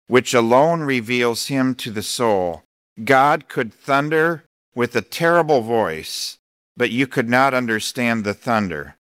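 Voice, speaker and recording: A man preaching a sermon as pastor, speaking deliberately and emphatically, slowing down to read scripture. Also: mid-range voice, a bit bright, smooth, dry recording, studio quality.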